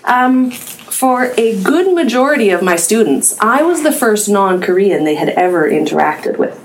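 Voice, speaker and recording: A woman's voice: medium pitch, moderate pace, a little hiss or hum. A young woman telling a personal story, acting out the dialogue. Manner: animated storytelling with acted-out dialogue. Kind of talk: personal anecdote.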